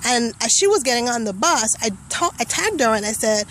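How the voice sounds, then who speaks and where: A young woman with a somewhat high voice gives a personal testimonial. She tells it vividly and acts out the voices and thoughts she remembers. Faint background noise sits under her voice. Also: expressive, brisk, fairly bright tone, poor audio. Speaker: testimonial speaker.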